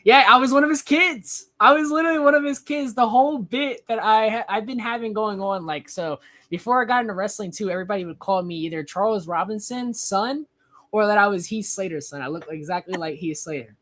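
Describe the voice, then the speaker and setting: Speaking briskly in a high, sharp-toned voice, a young wrestler guest in his twenties rambles through a casual story, leaning heavily on the word "like."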